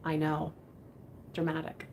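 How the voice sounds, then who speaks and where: A woman's voice: low-pitched, monotone, measured pace, a little mellow. A woman hosting a live online vintage sale in a casual, chatty, giggly way that rambles. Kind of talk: casual live selling chat. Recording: faint background noise.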